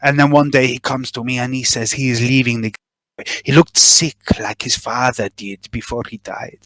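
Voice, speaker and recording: A man's voice: mid-range voice, steady tone, a bit bright, dry recording, natural voice. A man doing a nervous middle-aged smuggler who stumbles through his confession, justifying every step in a plain middle-range voice. The sound is dry and close, with no room in it. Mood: uneasy. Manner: halting, eager to justify himself.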